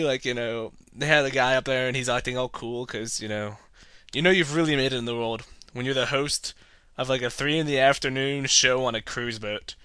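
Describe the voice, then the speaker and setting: Podcast guy from north carolina, jokey and self-mocking, bright dry voice. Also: mid-range voice, clean tone, no room sound. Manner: self-mocking, joking, chatty. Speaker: podcast host and movie reviewer. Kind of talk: casual rambling monologue.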